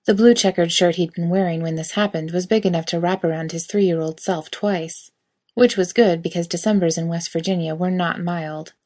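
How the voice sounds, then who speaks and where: Woman reading a story out loud, kinda low voice, calm and steady. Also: normal speed. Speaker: reader.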